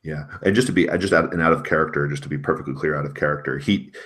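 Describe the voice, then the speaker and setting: Man, very deep voice, game master, rambling tabletop narration. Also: very fast, fairly bright tone. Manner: rambling, many fillers and restarts.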